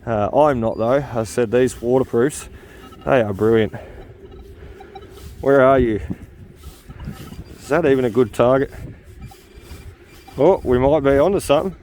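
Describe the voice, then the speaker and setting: A man vlogging outdoors in a wet, windy paddock, excitedly commenting on his metal detecting finds and a little out of breath from digging. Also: mid-range voice, unhurried, pauses often. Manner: excitable, exclaims over finds.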